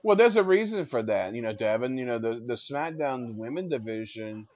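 A man's voice: medium pitch, lively intonation, normal speed, a little mellow, no echo. Tired male co-host, teasing, quizzing; dry lo-fi audio. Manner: teasing, asks co-hosts questions. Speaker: podcast co-host. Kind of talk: casual wrestling chat. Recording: dry, dull lo-fi recording.

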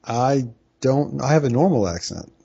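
A man from New Orleans guests on a casual sports podcast and answers with dry, deadpan one-liners. His voice is mellow and warm. The recording is dull and lo-fi. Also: medium pitch, moderate pace, creaky, breathy edge. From New Orleans, Louisiana.

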